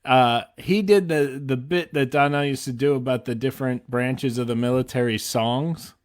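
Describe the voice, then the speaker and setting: A man co-hosting a podcast, telling a relaxed anecdote with self-mocking humor in casual chat. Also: mid-range voice, moderate pace. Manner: easygoing, self-mocking storyteller. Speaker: podcast co-host.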